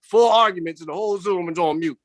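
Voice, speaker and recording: High-voiced animated man doing comedy. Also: quick pace, no room sound, clean studio sound. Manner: animated, does voices of family and coworkers. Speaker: stand-up comedian. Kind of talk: stand-up comedy on a video call. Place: home. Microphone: computer mic on a video call.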